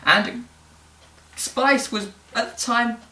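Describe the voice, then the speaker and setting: A man presenting history in casual educational storytelling, animated and rambling, with fillers and jokes. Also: very high voice, drawn-out words. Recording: roomy, distant mic.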